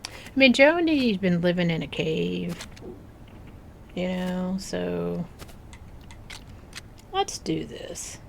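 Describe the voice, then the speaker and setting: A woman with a low, creaky voice offers relaxed gameplay commentary as a gaming video creator, cooing to the animals on screen. She takes her time and occasionally fades into soft near-whispers, with slight background noise behind her.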